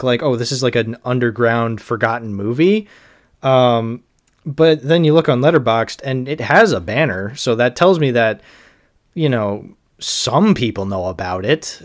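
A man in a mid-pitched voice hosts his own solo podcast. He rambles loosely, full of "like" and "um", with a dry, sardonic edge. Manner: rambling, sardonic, lots of fillers. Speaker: podcast host. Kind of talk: casual solo podcast talk.

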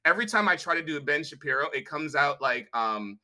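A man's voice: fairly high pitch, expressive, fast, bright, forceful tone. A man hosting a podcast, chatting casually in a rambling, jokey way with many fillers. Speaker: podcast host. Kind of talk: casual chat.

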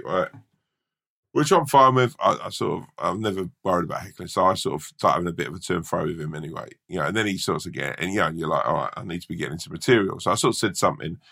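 A man with a very low, gravelly voice that still has a bright edge. He is a hungover stand-up comic, swearing freely as he tells a story in an easy chat. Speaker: stand-up comedian. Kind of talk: casual podcast chat, anecdote.

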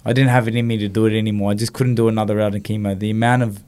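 Animated man telling his story. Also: lowish voice, rapid-fire, clean tone. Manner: animated storyteller, acts out quoted dialogue. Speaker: guest, former boxer. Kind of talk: storytelling interview chat.

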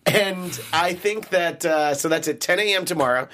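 A man's voice: on the high side, sharp tone. Joking, slightly nasal male host. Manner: jokey, quick banter with laughs. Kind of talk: comedy news talk show.

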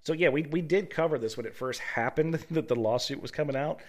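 A man's voice: fairly high pitch, brisk, darkish tone. Blunt, profane male podcast co-host. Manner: blunt, profane, reads news aloud with stumbles. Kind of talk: casual podcast chat.

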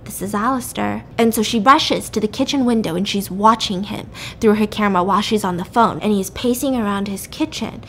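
A woman hosting a podcast, retelling a true story in a chatty, animated way, swearing casually and filling with "like" and "you know.". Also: mid-range voice, a little fast, few pauses, a little hiss or hum.

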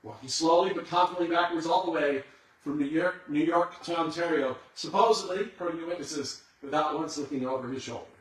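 A man's voice: fairly high pitch, a little fast. A man preaching a sermon as a dramatic storyteller who builds suspense. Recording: echoey hall, far from the mic.

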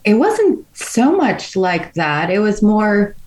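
A woman's voice: medium pitch, very animated, slow, darkish tone, echoey room, rough recording. A middle-aged woman from Australia, a race director telling stories in a casual interview, chatty and often laughing.

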